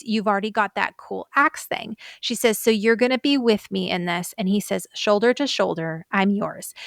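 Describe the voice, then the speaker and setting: A woman's voice: a little high, no echo. Chatty woman podcaster, dry close sound. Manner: animated retelling, lots of "like". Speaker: podcast co-host. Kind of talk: casual podcast chat.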